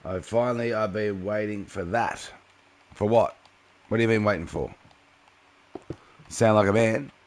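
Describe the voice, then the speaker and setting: Low-voiced young man chatting on stream. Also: measured pace, long pauses. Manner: relaxed, answers chat messages by name. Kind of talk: casual live-stream chat while gaming.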